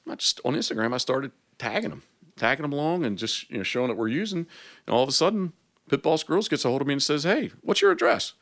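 Lively, fast-talking man telling stories. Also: mid-range voice. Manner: animated storyteller who acts out quoted exchanges. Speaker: hunting and fishing guide. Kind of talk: casual podcast interview.

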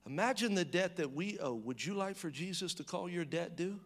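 A man preaching a sermon in a fairly high voice. He moves between loud, emphatic bursts and hushed, low reading, with casual asides and restarts along the way. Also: animated, a little fast.

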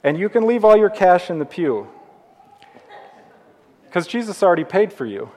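High-voiced pastor in a reverberant church. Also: male voice, big pitch swings, moderate pace, dark tone. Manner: playful, conversational preaching with jokes. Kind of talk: sermon. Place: church sanctuary. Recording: long reverb of a church hall.

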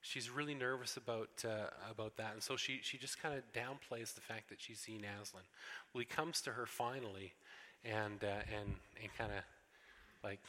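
Male pastor, earnest sermon delivery, emphatic slowed phrases; reverberant hall. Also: fairly low pitch, fairly even intonation, bright, forceful tone. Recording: echoey hall.

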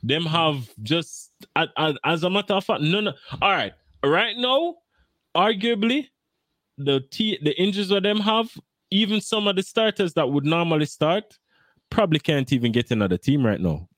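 A man talks football in loose, patois-heavy banter. His pitch swings widely as he argues. The sound is close and dry, with no room around it. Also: sing-song, normal speed, a bit bright, dry recording. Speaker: podcast co-host. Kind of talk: casual football chat.

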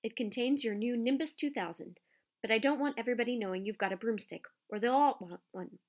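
A woman reading aloud a letter from a strict, brisk older female teacher in a firm tone. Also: on the high side, lightly acted.

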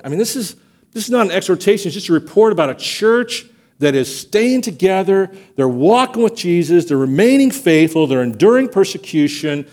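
A man preaching a sermon as pastor of a church, telling stories and acting out quotes with lively energy. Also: high-pitched, a little fast. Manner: animated storytelling, acts out quotes. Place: church sanctuary.

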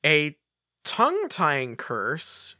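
Podcast co-host, incredulous and mocking, laughs a lot, mid-pitched, close dry sound. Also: wildly swooping pitch, extremely slow, bright, forceful tone, no echo. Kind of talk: casual podcast chat.

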